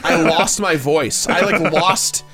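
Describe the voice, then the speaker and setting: Excitable male storyteller, slightly high voice, faint music underneath. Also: takes it slowly. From Los Angeles area. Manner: animated storyteller, acts out quotes loudly. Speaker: guest telling a story. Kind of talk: casual podcast chat.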